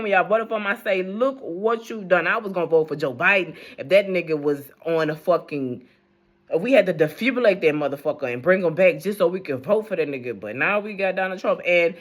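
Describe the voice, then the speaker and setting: A young adult woman speaking, delivering a blunt, rambling rant on the news with plenty of profanity. She talks casually and unscripted, restarting her sentences as her thoughts run ahead. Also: lowish voice. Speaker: news commentator vlogger.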